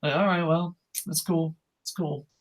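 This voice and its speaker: A young man with a slightly high voice co-hosts a casual podcast chat. He rants in an animated way and swears constantly. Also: unhurried. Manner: profane, animated ranting. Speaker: co-host.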